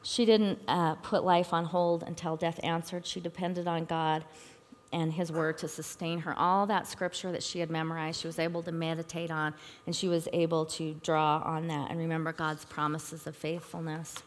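A middle-aged woman giving a personal testimony at a church talk, earnest and halting, with frequent fillers. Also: low-pitched, little pitch movement. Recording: long reverb in a hall.

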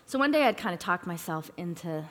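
A middle-aged woman giving a personal testimony at a church talk, earnest and halting, with frequent fillers. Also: fairly low pitch, animated, fairly bright tone. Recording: long reverb in a hall.

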